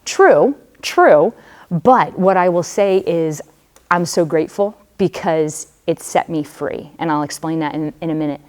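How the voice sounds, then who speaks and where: A woman's voice: sits low, fairly even intonation, moderate pace, darkish tone. A woman, a religious sister, giving a personal testimony to students in a conversational storytelling manner, speaking straight to them with casual fillers.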